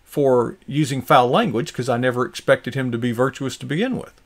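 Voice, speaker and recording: A man's voice: mid-range voice, fairly quick. A man in a casual political chat, reflective and hesitant, thinking aloud as he speaks.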